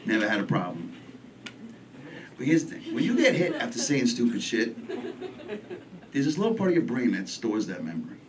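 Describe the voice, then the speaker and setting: This New York-accented comic is working the room at a comedy club, riffing with the crowd and brashly poking fun at audience members. His voice is fairly low. The live set was recorded from a distant mic, and the loud crowd leaves plenty of background noise.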